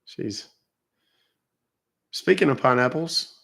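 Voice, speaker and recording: Gravelly man chatting on a stream. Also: medium pitch, expressive, slow, fairly bright tone. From Texas. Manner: profane, joking, rambling. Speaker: live-stream host. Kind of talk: casual live-stream chat.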